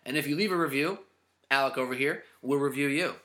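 A man chats about baseball as a podcast co-host, talkative and teasing, often breaking into laughter. His voice is bright and forceful, and the recording has a roomy echo around it. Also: medium pitch, quick pace. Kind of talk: casual sports podcast chat.

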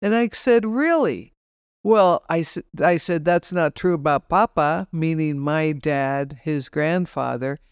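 A woman's voice: low voice, a little slow, clear, resonant tone, dry recording, clean studio sound. A woman guest on a podcast telling a story about her son, acting out the dialogue in her own voice. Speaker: guest, bereaved mother. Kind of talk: podcast conversation.

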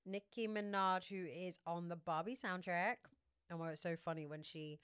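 A woman's voice: fairly low pitch, normal speed, a bit bright, clear, resonant tone, dry recording, studio quality. A woman co-hosting a casual fashion podcast, chatty and giggly, describing outfits with lots of fillers. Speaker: podcast co-host. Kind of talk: casual chat about red-carpet fashion.

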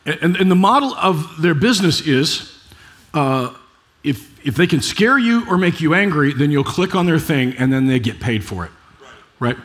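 A man's voice: fairly high pitch, very animated, normal speed, a bit bright. Chatty middle-aged male preacher. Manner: chatty, rhetorical asides, frequent restarts. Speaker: pastor. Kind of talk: conversational sermon.

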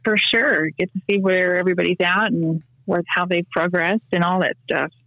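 A woman's voice: fairly low pitch, steady tone, moderate pace, fairly bright tone, dry recording, highs cut off. A woman guesting on a podcast, chatting casually and rambling with lots of fillers and restarts. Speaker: podcast guest, knife maker. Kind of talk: casual chat.

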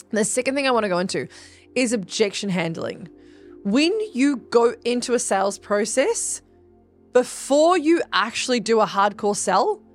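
Woman podcast host and business coach, mid-pitched voice, chatty and emphatic, swears casually; soft music faintly behind. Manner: chatty and emphatic, swears freely, addresses listeners as guys. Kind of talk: casual motivational monologue.

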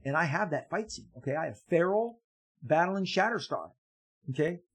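Man, comic artist, casual storytelling, excitable, stammering restarts, husky, slightly high voice. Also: moderate pace, rough recording. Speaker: comic book artist telling an anecdote.

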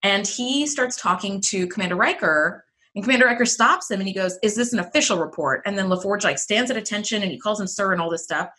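A young adult woman co-hosting a podcast in casual chat, animated and exclamatory, with lots of "like.". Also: mid-range voice, quick pace, hardly any pauses. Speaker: podcast co-host.

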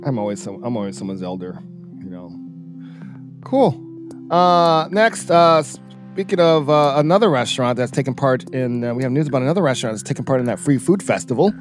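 A male co-host in casual chat, laughing often and talking with many fillers, sounding tired from a rough week. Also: mid-range voice, expressive, fairly quick, music in the background. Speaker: radio co-host.

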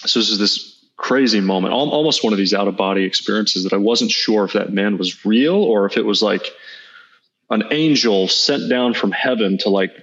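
A man in his thirties speaks low, with a gravelly edge of vocal fry. He tells a personal story in an earnest, halting way, restarting small phrases as he goes. The audio is slightly dull and lo-fi. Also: a bit bright. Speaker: guest entrepreneur. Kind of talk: reflective storytelling in an interview.

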